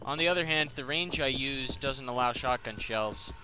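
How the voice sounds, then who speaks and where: A man chatting casually while playing a co-op zombie game with a friend, joking and bursting into shouts when the action picks up. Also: medium pitch, normal speed. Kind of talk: casual let's-play chat. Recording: loud game noise under the voice.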